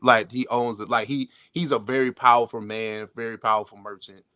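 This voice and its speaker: A man's voice: mid-range voice, steady tone, a little fast, pushed and bright, clear, resonant tone, no room sound. Dry, chatty male podcast co-host. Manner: loose, profane, chatty riffing. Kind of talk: casual pop-culture chat.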